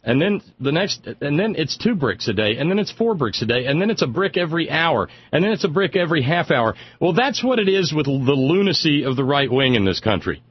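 A man's voice: a little high, very animated, fairly quick, few pauses, breathy edge, muffled recording. A man hosting a radio talk show, delivering sardonic, rambling political commentary and stumbling over repeated words as he gets worked up.

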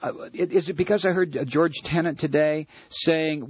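A man's voice: on the high side, normal speed, few pauses, husky, no echo, highs cut off. A man hosting a radio talk show, ranting in a furious political monologue, stammering and repeating words.

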